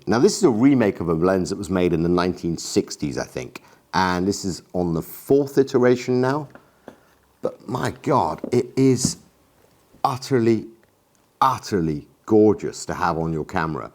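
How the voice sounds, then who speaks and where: Enthusiastic man, low voice. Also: darkish tone. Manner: enthusiastic, self-deprecating, chatty. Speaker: camera gear vlogger. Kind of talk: casual gear review vlog.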